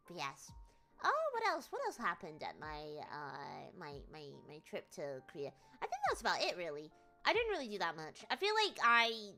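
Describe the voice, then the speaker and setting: A woman's voice: medium pitch, pushed and bright. A British woman streaming, chatting casually in a rambling, jokey way with lots of laughter. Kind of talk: casual chat.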